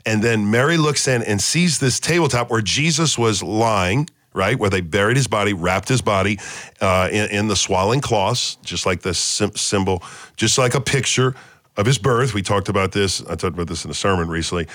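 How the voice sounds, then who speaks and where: A man's voice: fairly low pitch, normal speed, a bit bright, no echo, clean studio sound. A man leading a casual Bible study discussion, quizzing the group with questions and repeating key words as he teaches.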